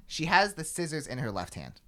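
A man's voice: on the high side, big pitch swings, fairly quick, fairly bright tone. A young man hosting a podcast, telling a story in casual chat, rambling, swearing freely and filling with "like". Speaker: podcast host.

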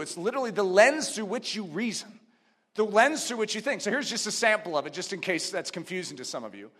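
A male preacher with a high, ringing voice that swoops up and down as he delivers his sermon. He works through his points with rhetorical questions, then drives them home with forceful, near-shouted exhortations. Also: very animated, fairly quick. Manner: teaching step by step, posing rhetorical questions.

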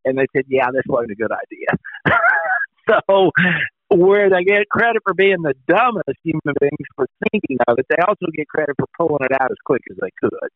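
A man with a slightly high voice talks in a folksy, chuckling storytelling way on a golf chat show. His voice comes through a tinny, phone-like line that sounds dry and close. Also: lively intonation, a little fast, no echo. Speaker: podcast co-host. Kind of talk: casual chat.

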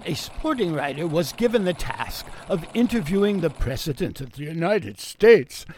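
A man's voice: on the high side, big pitch swings, moderate pace, a little mellow, a little hiss or hum. A man playing a haughty, grudge-holding news writer, pompous and sarcastic. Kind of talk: audio drama acting.

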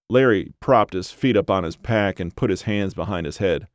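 A man narrating a story as an audiobook reader, in a steady, even storytelling manner. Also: low voice, normal speed, hardly any pauses, no echo, clean studio sound. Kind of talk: scripted narration.

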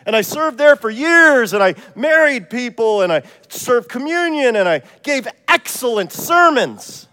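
A man's voice: very high voice, measured pace, hardly any pauses, voice pushed up, heavily acted. A man voicing an eager, anxious pastor who boasts of his good works in a sermon joke. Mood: boastful, indignant. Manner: earnest, excitable, boastful. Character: eager, anxious male pastor at heaven's gates. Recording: long church reverb.

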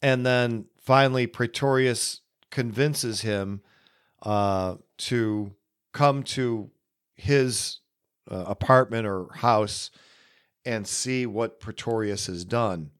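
A man hosting a podcast, giving casual solo film commentary in an unhurried, musing way with many pauses. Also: mid-range voice, smooth. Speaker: podcast host.

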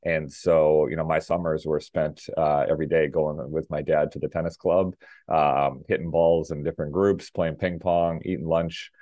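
A middle-aged man from Minnesota, a former pro tennis player, telling his story in a relaxed interview with lots of fillers and restarts. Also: very deep voice, normal speed, no room sound, studio quality. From Minnesota, USA. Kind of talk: casual interview talk.

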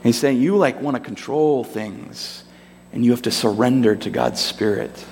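Guy preaching, lively storytelling, doing little voices, long echo of a big hall. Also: mid-range voice, moderate pace, creaky, a little hiss or hum. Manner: animated storytelling, acts out characters in voices. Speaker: pastor. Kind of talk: sermon. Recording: long reverb of a large hall.

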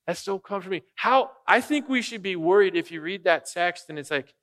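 A man's voice: high voice, lively intonation, normal speed, hardly any pauses, a bit bright. A man preaching a sermon as pastor, a father of young kids, speaking casually and jokingly and often putting questions to the congregation. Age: adult father of young children.

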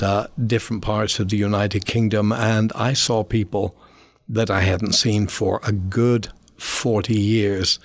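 An older man from England with a mixed Manchester and Cornish accent, speaking haltingly in a reflective interview. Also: on the low side. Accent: mixed English, Manchester and Cornish. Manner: halting, with frequent restarts and pauses. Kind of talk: reflective conversation.

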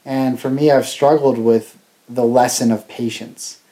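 A man earnestly recounting lessons from a ceremony, in a halting, reflective conversational way. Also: mid-range voice, steady tone, dark tone. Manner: earnest, halting with fillers and restarts. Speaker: travel vlogger.

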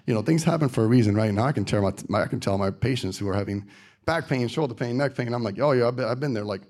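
A man's voice: medium pitch, fast talker, darkish tone. A man gives a casual, earnest personal testimony to a group and fills his speech with "like.". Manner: casual and earnest, with lots of fillers.

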